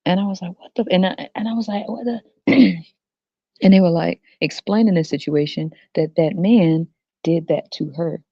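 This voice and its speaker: A woman hosts a casual podcast rant, her gravelly voice full of blunt, crude jabs and frequent laughter. The recording is dull and lo-fi. The sound is dry, with no room around it. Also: on the low side, steady tone, normal speed, dark tone, no room sound. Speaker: podcast host. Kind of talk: ranting casual monologue.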